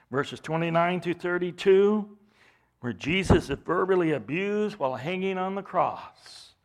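A man's voice: sits high, a bit bright. A man preaching an expository sermon, emphatic, acting out mocking voices as he reads.

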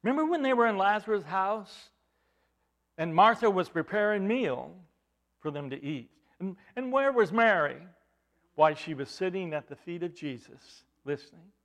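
High-voiced man preaching a sermon. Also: lively intonation, normal speed, fairly bright tone. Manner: rising and falling emphasis, repeats words while building points.

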